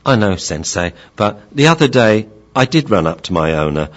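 A man's voice: lowish voice, very animated, normal speed, dull audio. A man voicing an anxious puppy student. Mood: pleading. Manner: pleading, questioning. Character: young eager male puppy student, anxious.

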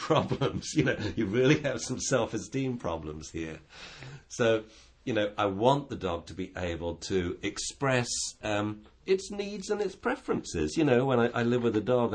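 A man talking about dog training in a casual chat, animated and acting out little dialogues. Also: lowish voice.

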